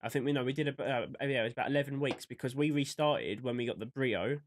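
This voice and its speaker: A man's voice: mid-range voice, quick pace, slight background noise. A young man co-hosting a podcast, bantering and laughing along. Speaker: podcast co-host. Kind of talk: casual chat.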